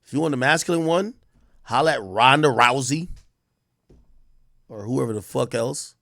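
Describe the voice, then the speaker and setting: This livestream host from Jamaica laughs loudly and rants crudely as he reacts to clips, delivering profane comedy. He speaks in a mid-range voice with vocal fry at a moderate pace. The recording is studio quality and free of echo.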